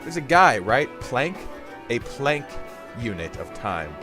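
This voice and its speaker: Slow and sing-song, his mid-range voice comes over background music. The host of his own game channel, he plays while rambling through comedic commentary, goofy and jokey, now and then erupting into silly voices.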